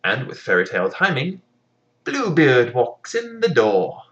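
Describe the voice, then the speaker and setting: A sarcastic storyteller with a lively voice. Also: medium pitch, measured pace, lo-fi sound. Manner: sarcastic, deadpan asides. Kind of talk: comic fairy tale retelling.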